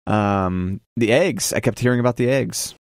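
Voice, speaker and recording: A man's voice: fairly low pitch, moderate pace, creaky, dry recording. A man co-hosting a radio show in casual on-air chat, laid-back and wry, asking easy questions, close to a studio microphone. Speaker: radio co-host.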